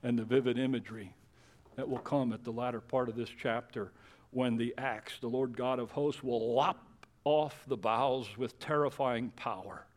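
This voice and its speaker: A man preaching a sermon, swinging between quiet whispers and loud, emphatic passages. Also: mid-range voice, fairly even intonation, normal speed. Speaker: pastor.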